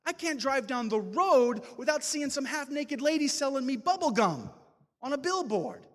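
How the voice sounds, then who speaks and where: A man giving a fervent, preacher-style testimony talk that builds to loud exhortations. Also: very high-pitched, big pitch swings, normal speed. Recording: long hall reverb.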